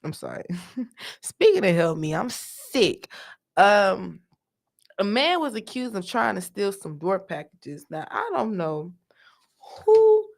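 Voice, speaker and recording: A woman hosting a casual talk show, telling news stories in a joking, exclamatory way. Her voice has a gravelly, fry-tinged edge, and her pitch sits in a middle range. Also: sing-song, measured pace. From North Carolina. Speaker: show host.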